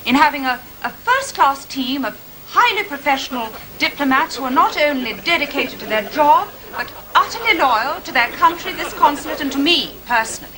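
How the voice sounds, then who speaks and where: A woman's voice: sits high, lively intonation, normal speed, hardly any pauses. An actress playing a British woman consul general, gracious on the surface and archly sarcastic, in a 1980s TV sitcom. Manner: brightly gracious, arch, sarcastically polite. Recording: noisy old TV recording.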